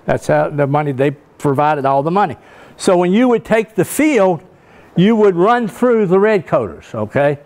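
An older man gives a leadership talk, spinning folksy stories at his own expense. He keeps checking in with his listeners as he goes. His voice sits slightly higher than most men's. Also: big pitch swings, moderate pace, darkish tone. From Richmond, Virginia, US. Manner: folksy, self-mocking humor, keeps checking in with "okay?". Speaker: guest speaker, former football coach.

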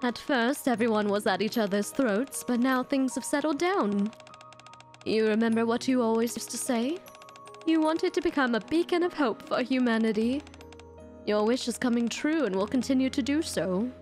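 A woman's voice: a little high, moderate pace, a little mellow, soft background music, close to an everyday voice. A woman voicing a solemn young woman who speaks at a memorial in a wistful, earnest way.

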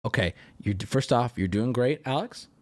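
A man streaming live, reacting to videos with loud, profane mock-rage rants broken up by mumbled asides. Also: mid-range voice, expressive, moderate pace. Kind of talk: casual live-stream commentary.

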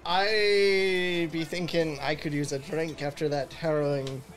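A man playing a gruff, drunken male pirate captain, talking pirate slang. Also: a little high, little pitch movement, a little slow, a bit bright, soft background music. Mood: hearty. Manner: pirate talk with arrs.

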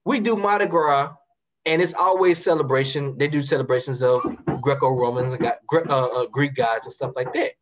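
Speaking at a medium pitch and moderate pace, this Baton Rouge man, a guest, carries a Southern Louisiana accent. He gets passionate in the casual conversation, repeating words to build his points, over a little hiss or hum.

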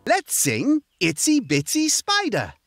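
A woman's voice: on the high side, huge pitch swings, takes it slowly, heavy background noise, heavily acted. A woman voicing a cheerful male frog who leads a children's sing-along in a preschool video. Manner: cheerful, teacherly. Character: friendly male frog song leader. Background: music.

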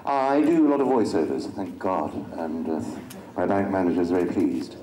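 A man's voice: low voice, lively intonation, normal speed, mellow. A middle-aged man joking wryly as a convention panel guest before an audience. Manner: wry, dry self-mocking humor. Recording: echoey hall with crowd noise.

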